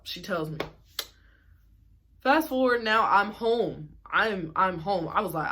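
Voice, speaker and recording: A woman's voice: lowish voice, a little slow, sharp tone. Young adult woman, vlogger telling a story; exasperated, sarcastic, casual.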